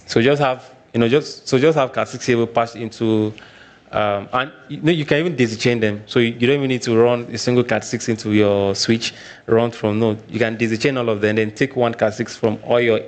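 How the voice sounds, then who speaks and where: A Nigerian man presenting a live technical workshop, often repeating his points and checking in with "all right". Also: medium pitch.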